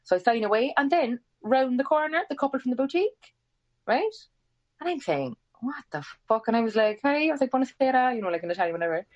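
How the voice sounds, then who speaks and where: A woman in her twenties with an Irish accent, a podcast guest telling a story in casual chat, animated and swearing freely, acting out quoted lines with big jumps in pitch. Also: fast, dull audio. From Ireland.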